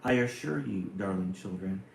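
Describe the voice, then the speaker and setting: Lowish voice guy reading kids poems live, playful, roomy room with faint hum. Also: vocal fry, darkish tone. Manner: slow, playful, chuckling between poems. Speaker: live stream host. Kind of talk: reading children's poems aloud on a live stream.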